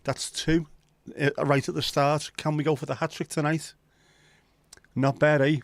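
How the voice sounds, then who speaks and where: A man's voice: on the high side, little pitch movement, normal speed, no echo. A man who hosts a casual live stream, chatting and joking and greeting viewers by name. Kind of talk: casual watch-along chat.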